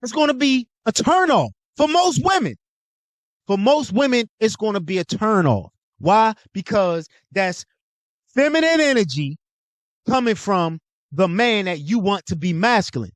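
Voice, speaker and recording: Man, young adult, blunt and profane, lecturing, fairly high voice, dry close sound. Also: sing-song, measured pace, dry recording. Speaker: host. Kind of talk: casual monologue.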